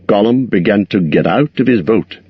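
A man narrating a storybook in a measured, expressive reading. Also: fairly low pitch, husky, no echo, dull audio. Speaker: audiobook narrator.

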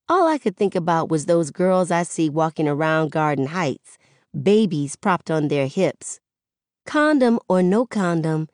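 A woman narrates a first-person audiobook in a frank, conversational voice that gives each thought its full weight. She takes her time and sits slightly low in pitch. The close studio sound is dry and free of room echo. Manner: candid, conversational, expressive.

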